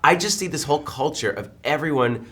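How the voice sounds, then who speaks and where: A man in his forties, a film director, telling stories in a press interview and acting out the quotes. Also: fairly high pitch. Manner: animated, quick storytelling with acted-out quotes.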